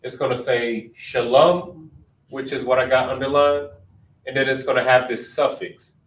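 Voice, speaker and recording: A man's voice: mid-range voice, fairly even intonation, moderate pace, fairly bright tone. Man explaining grammar in a roomy space. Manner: patient, explaining step by step, thinks aloud. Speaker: class teacher. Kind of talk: informal Hebrew grammar class. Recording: roomy, distant mic.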